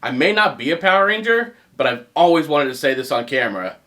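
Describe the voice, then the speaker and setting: A man hosting a comedic movie review show, animated and joking, poking fun at himself. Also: fairly high pitch, fast, background noise. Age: adult past teens. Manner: animated, joking, self-mocking.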